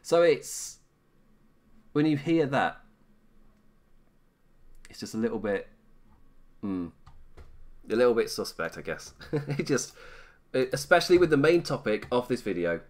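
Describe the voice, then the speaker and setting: A man's voice: medium pitch, sing-song, a little slow, long pauses. A British man hosting a live stream, commenting casually in a rambling, self-mocking way and laughing often.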